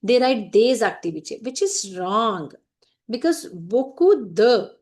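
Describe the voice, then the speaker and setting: A woman's voice: a little high, expressive, takes it slowly, darkish tone. A woman with an Indian English accent, teaching a French writing lesson patiently and checking understanding often. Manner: patient, repeats points, many "right?" checks.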